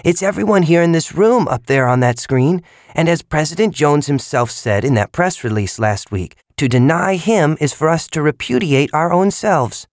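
A man voicing an angry curly-haired young man who speaks loudly and insistently. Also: on the high side, lively intonation, moderate pace, dry recording, studio quality, voice pushed up. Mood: indignant. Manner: loud, insistent.

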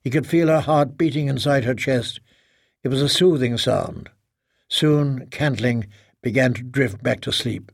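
A man narrating an audiobook in a measured, even storytelling manner. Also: medium pitch, gravelly, dry recording, studio quality. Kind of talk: scripted narration.

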